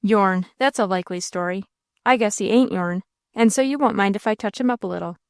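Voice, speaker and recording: Woman doing a rough country bully, coarse drawl, cool and mocking, dry close sound. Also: medium pitch, a little fast, no room sound, lightly acted. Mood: taunting. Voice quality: coarse rural dialect. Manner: cool, taunting.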